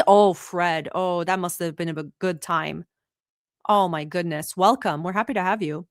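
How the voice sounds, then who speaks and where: A woman's voice: lowish voice, moderate pace, no room sound, studio quality. A woman from the Middle East giving heated, sarcastic and profane reaction commentary on a livestream.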